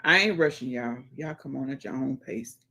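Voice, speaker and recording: A woman's voice: a bass voice, normal speed, creaky, sharp tone. A woman hosting a casual livestream, greeting viewers by name and chatting as she reads the comments. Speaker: livestream host.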